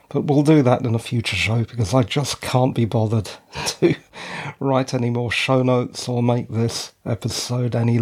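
A man's voice: mid-range voice, darkish tone. A middle-aged man hosting his own podcast, out of breath and tired, rambling along with self-deprecating asides into a handheld dynamic mic. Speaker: podcast host. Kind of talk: casual solo podcast chat. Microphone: handheld dynamic microphone.

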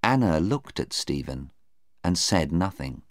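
A man reading a story aloud as narrator, slowly and clearly. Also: dry recording, clean studio sound. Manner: slow, careful reading with lively pitch. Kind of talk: scripted narration of a graded reader.

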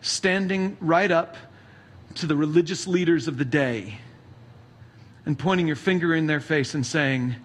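A man's voice: on the high side, sing-song, moderate pace, fairly bright tone. A male pastor preaching a sermon, retelling stories casually and animatedly. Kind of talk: sermon storytelling.

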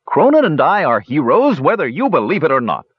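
A man voicing a small, boastful, tipsy kender who talks loudly and indignantly, in a storybook reading. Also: wildly swooping pitch, brisk, husky, no echo, dull audio, exaggerated voice. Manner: loud, indignant, high-pitched.

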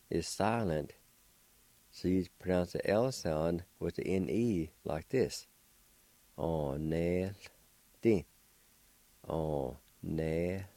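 Slow, deep-voiced male radio teacher. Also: warm tone, dry recording. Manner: patient, spells words letter by letter and repeats them. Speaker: radio language teacher and host. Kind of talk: radio vocabulary lesson.

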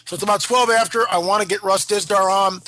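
A man's voice: high voice, fairly even intonation, quick pace, bright, forceful tone, a little hiss or hum. A man hosting a talk radio show, rambling with fillers and restarts, his voice stuffed up from allergies. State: congested from allergies. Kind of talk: casual talk radio monologue.

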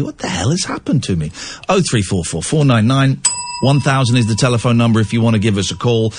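A man's voice: lively intonation, brisk, soft background music. A man hosting a late-night radio phone-in, chatting in a rambling, self-mocking way on a close studio mic. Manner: rambling, self-mocking, jumps between pitches. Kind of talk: casual talk radio chat. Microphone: close studio microphone.

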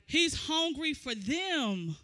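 A woman preaching a sermon, moving from conversational teaching to loud, shouted exhortation. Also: high-pitched, sing-song, slow.

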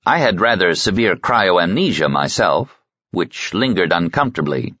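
A male narrator voicing a confident male investigator who talks smoothly and persuasively, with a husky voice. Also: low voice, big pitch swings, normal speed, bright, forceful tone, no room sound, heavily acted. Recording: slightly muffled sound.

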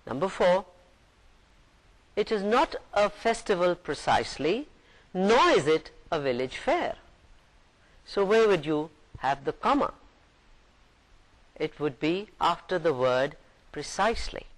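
A man's voice: high-pitched, sing-song, slow pace, long pauses, low-quality recording. A man giving a recorded university lecture, patiently explaining each point and reading example sentences aloud.

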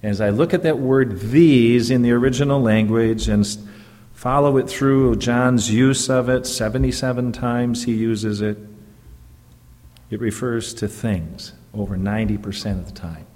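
Man, pastor, sermon, slow deliberate delivery, medium pitch, echoing sanctuary. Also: darkish tone. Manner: slow, deliberate preaching with emphatic rises. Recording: long reverb of a church hall.

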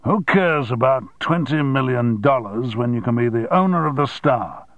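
A man's voice: mid-range voice, lively intonation, moderate pace, no echo, voice pushed up, natural voice. A man voicing a blunt, domineering male newspaper tycoon, curt and demanding. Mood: boastful.

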